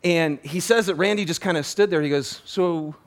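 A man preaching a sermon as pastor, telling a story with animated energy, often restarting and repeating words. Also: a little high, fairly quick.

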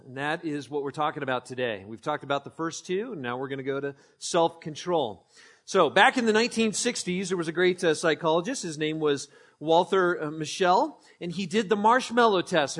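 A man preaching a sermon as pastor, conversational and joking, telling animated stories. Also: a little high.

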